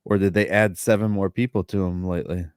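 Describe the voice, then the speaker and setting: A man co-hosting a podcast in casual chat, mostly giving short, relaxed replies and adding details to the recap. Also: low-pitched, a little fast, smooth, no echo, clean studio sound. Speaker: podcast co-host.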